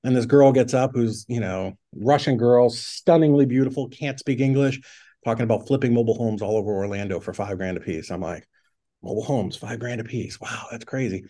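A man's voice: mid-range voice, fairly quick, warm tone. A middle-aged man, a podcast guest, telling a story in casual conversation, filling his talk with "like" and acting out his own past thoughts. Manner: chatty, peppers speech with "like", acts out his own past thoughts. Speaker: podcast guest, real estate investor.

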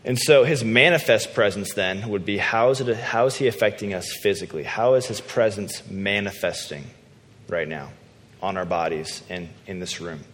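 A man preaching a sermon in a relaxed, conversational, self-deprecating storytelling way. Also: on the low side, normal speed. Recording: long hall reverb.

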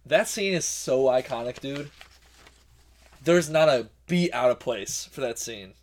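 A young man co-hosting a podcast in casual chat, excitable, often saying dude and like. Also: medium pitch, measured pace. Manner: excitable, says "dude" and "like" a lot. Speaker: podcast co-host.

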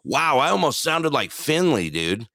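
A man's voice: fairly high pitch, sing-song, unhurried, bright, forceful tone, no echo, clean studio sound. A man hosting a casual talk show, upbeat, greeting callers and laughing often. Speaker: host. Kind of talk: casual talk radio chat.

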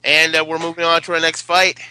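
A man hosts a casual panel chat, calling on each guest in turn. His voice sits high and rings very bright. He gets excitable and swears freely. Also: a little fast, clear, resonant tone. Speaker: podcast host.

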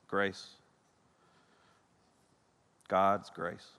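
Animated preacher in a reverberant hall. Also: male voice, sits low, extremely slow, smooth. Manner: animated storytelling, swings from loud to hushed. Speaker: pastor. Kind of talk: sermon.

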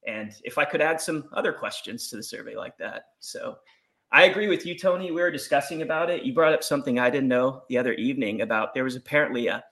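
A man's voice: mid-range voice, quick pace, fairly bright tone. Man, mid-range voice, panel guest, wry sardonic manner, dry asides. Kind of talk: conversational panel discussion.

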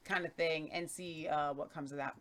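A woman's voice: low voice, fairly even intonation, normal speed. A woman co-hosting a talk show, giving her opinion emphatically and punctuating it with rhetorical "right?". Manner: emphatic, argues her point with rhetorical questions. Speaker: co-host. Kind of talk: opinionated casual chat.

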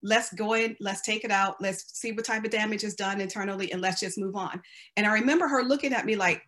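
A woman's voice: medium pitch, quick pace, background noise. A middle-aged American woman giving an earnest, faith-filled personal testimony as a cancer survivor. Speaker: cancer survivor sharing her story.

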